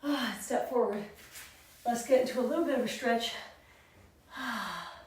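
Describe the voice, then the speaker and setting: A woman fitness instructor cues poses and counts reps while short of breath, speaking at an unhurried pace. Her voice is a little higher than most. She sounds set back from the mic in a very echoey room. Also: far from the mic. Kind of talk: workout instruction.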